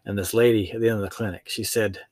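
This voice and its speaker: A man's voice: fairly low pitch, fairly even intonation, darkish tone, no room sound. Man hosting an interview in a dry room. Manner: friendly, halting questions with fillers. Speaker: podcast host. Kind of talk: casual interview talk.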